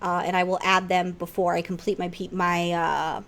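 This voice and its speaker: A woman co-hosting a gaming podcast in casual chat, animated and quick to swear and tease back. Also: lowish voice. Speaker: podcast co-host.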